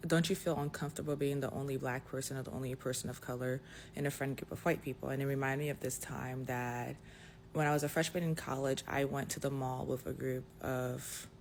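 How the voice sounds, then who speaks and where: A young adult woman casually telling a personal story, animated and dotted with "like" fillers. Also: very deep voice, gravelly, slight background noise. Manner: animated retelling, full of "like" fillers. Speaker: storyteller in a clip.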